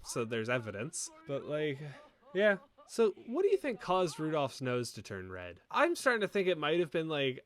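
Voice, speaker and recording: A man's voice: medium pitch, fairly bright tone. A young man hosting a casual commentary video, rambling and joking with mock-indignant asides.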